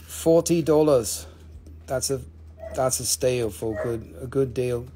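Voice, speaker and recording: A man's voice: mid-range voice, slow, warm tone, slight background noise. A man hosting a live stream to sell crystals, talking casually, swearing freely and counting down each sale.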